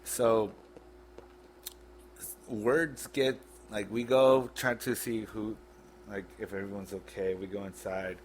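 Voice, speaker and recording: Man with a lowish voice, casual podcast guest, blunt and halting, heavy cursing. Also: flat delivery, slight background noise. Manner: blunt, profane, halting retelling. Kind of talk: casual storytelling.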